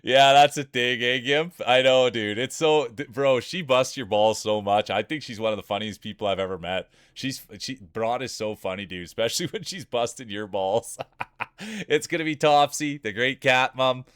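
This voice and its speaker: Excitable laughing male streamer, dry mic. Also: mid-range voice, normal speed, no room sound. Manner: excitable, laughs often, says "dude" a lot. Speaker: live streamer. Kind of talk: casual live-stream commentary.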